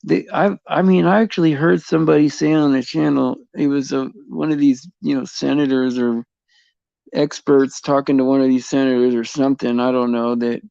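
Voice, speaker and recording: A man hosting a casual faith chat on a livestream, rambling and halting with many fillers, restarts and frequent chuckles. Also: mid-range voice, little pitch movement, gravelly, mellow, dry recording, dull audio.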